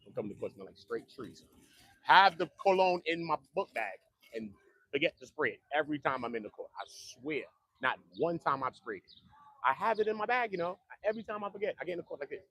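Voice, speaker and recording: A man's voice: fairly high pitch, animated, quick pace, fairly bright tone, dry recording, clean studio sound. A man, rambling casually to the camera in slang, joking and repeating himself.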